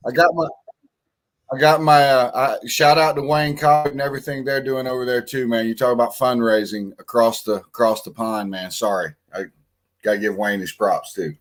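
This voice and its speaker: A man's voice: medium pitch, fairly even intonation, normal speed. A man calling in as a guest on a casual podcast, laid-back and friendly, often saying "man" and "brother". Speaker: guest caller and donor. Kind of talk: casual chat.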